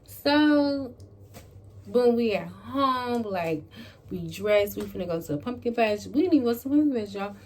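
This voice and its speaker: A woman vlogger in her bedroom telling a casual storytime to camera, animated and peppered with "like" and swearing. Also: on the high side, normal speed, a little hiss or hum. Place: bedroom at home.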